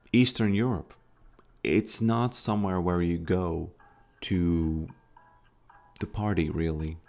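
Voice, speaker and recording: Deep slow-talking man rambling on stream. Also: creaky, mellow. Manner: rambling, hesitant, many restarts. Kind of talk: casual live-stream chat.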